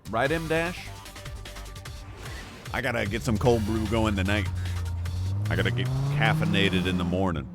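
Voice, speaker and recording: A man's voice: on the low side, normal speed, long pauses, over music. A young man live-streaming a game, sleepy and yawning, rambling casually to his chat with many fillers.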